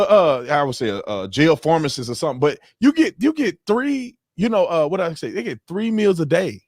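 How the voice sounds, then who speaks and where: A man runs a casual livestream panel, his voice on the higher side and recorded dry and close. He talks in slang and throws himself into stories, acting out the lines of the people in them. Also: brisk, hardly any pauses, no echo. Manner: animated storytelling, slangy, acts out quotes. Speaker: host.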